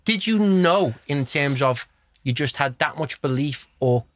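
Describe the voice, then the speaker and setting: A man hosting the interview, asking his questions in a brisk, eager way. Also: on the high side, lively intonation, fairly bright tone, no echo. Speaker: host.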